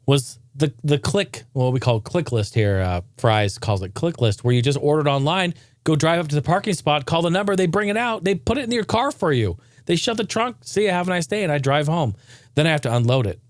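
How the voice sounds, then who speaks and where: A man hosting his own podcast, ranting casually and swearing freely. His voice sits a little high, and the recording is dry and close. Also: no room sound. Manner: profane, ranting, animated. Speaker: podcast host.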